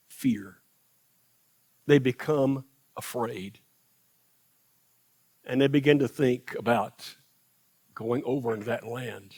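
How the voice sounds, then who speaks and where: A man's voice: mid-range voice, darkish tone, breathy edge. A man preaching a sermon in a church, repeating phrases for emphasis, asking the congregation rhetorical questions and acting out quotes. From United States. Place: church sanctuary.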